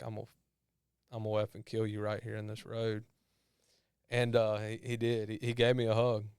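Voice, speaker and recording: A man with a drawl tells his story in a low, smooth voice that barely rises or falls. He halts and repeats himself as he recounts it, and the sound is close and dry. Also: no room sound. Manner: halting, repeats words when emotional. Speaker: podcast guest. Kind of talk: personal testimony storytelling.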